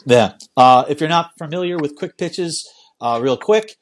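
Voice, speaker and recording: A man hosting a casual podcast, easygoing and quick to laugh, often restarting his sentences. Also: a little high, slight background noise. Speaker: podcast host.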